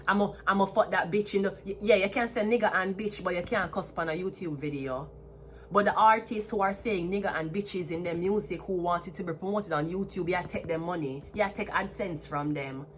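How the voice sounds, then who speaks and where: A Jamaican woman in her thirties, a tarot reader, rants straight to camera, defiant and swearing freely as she slides between thick patois and plainer English. Her voice sits at an ordinary middle pitch, with slight background noise.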